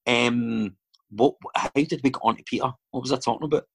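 A man's voice: mid-range voice, steady tone, a little fast, gravelly, fairly bright tone, slightly rough. A Scottish man chatting casually as a guest, telling stories and wandering off into digressions with lots of fillers. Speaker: actor and filmmaker guest. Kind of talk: casual chat.

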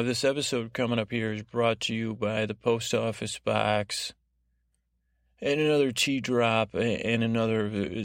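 A man hosting a podcast for falling asleep, rambling along in a low-key way with lots of fillers and restarts. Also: creaky, no room sound, studio quality. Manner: meandering, full of fillers and restarts; unhurried, low-key delivery. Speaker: podcast host. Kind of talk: rambling monologue to help listeners sleep.

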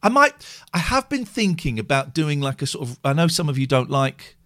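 Lively middle-aged streamer, pitch swinging widely, chatty storyteller. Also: male voice, fairly quick. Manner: animated, chatty, with many restarts. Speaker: live stream host. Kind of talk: casual chat and storytelling on a live stream.

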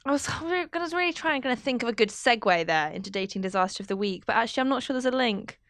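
A woman hosting a podcast in casual chat, lively and chatty as she reads a listener's story aloud. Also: on the high side, very fast, no room sound, clean studio sound. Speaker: podcast host.

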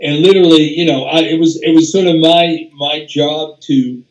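A man's voice: on the high side, steady tone, moderate pace, muffled recording. An older man, a music producer, telling casual anecdotes as an interview guest, rambling with restarts, fillers and swearing. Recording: roomy echo.

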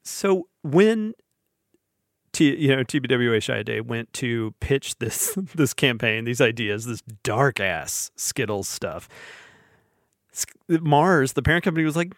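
A man's voice: medium pitch, lively intonation, unhurried, no room sound, clean studio sound. A man hosting a podcast, telling a story in casual chat, laughing often and acting out quoted voices. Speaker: podcast host.

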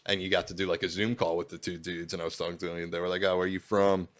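Deep-voiced Philly man telling stories. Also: little pitch movement, very fast. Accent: Philadelphia. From Philadelphia. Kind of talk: casual podcast chat.

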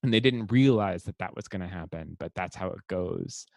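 A man co-hosting a podcast, chatting casually in a relaxed way, with many fillers and restarts. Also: deep voice, moderate pace, creaky, no echo, clean studio sound. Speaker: podcast co-host. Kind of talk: casual chat.

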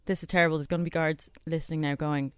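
A woman's voice: sits low, flat delivery, fast, clear, resonant tone, dry recording, clean studio sound. A young woman with an Irish accent co-hosting a radio show, telling stories in a chatty, laid-back way. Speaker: radio co-host. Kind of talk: casual radio chat.

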